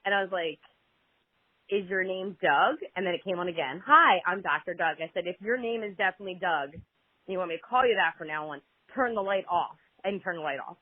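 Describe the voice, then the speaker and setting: A woman's voice comes through a thin, tinny phone line with a dry, close sound. She tells her story animatedly and acts out the back-and-forth of conversations. Her pitch sits in an ordinary middle range. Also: fast, no room sound. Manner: animated, with lively quoted exchanges. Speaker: caller. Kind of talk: personal story over the phone.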